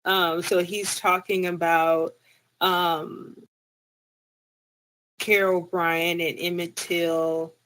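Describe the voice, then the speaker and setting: A woman co-hosting a casual talk show, unhurried and often laughing. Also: lowish voice, level tone, a bit bright, poor audio. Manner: unhurried, giggly. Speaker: co-host. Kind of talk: casual chat.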